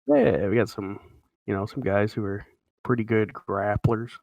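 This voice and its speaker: A man's voice: fairly low pitch, fairly even intonation, moderate pace, gravelly, darkish tone, no echo, highs cut off. A man in casual chat on a podcast, running through wrestling results in an easygoing announcer style. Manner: play-by-play announcer delivery, easygoing.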